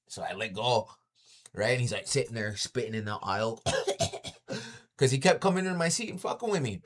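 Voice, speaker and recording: A man livestreaming from home, telling stories in a loose, profane chat and tossing in "yo" constantly. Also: lowish voice. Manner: profane, keeps saying "yo"; animated storytelling with sound effects. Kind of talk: casual live-stream chat.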